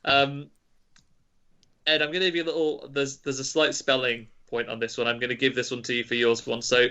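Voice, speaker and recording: A man running a casual podcast quiz, reading each clue out deliberately and dropping teasing hints. His voice is bright and forward. It comes through a dull, lo-fi call line. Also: medium pitch, level tone, clean tone. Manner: reads clues slowly, teasing hints. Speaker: quiz master. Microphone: video call.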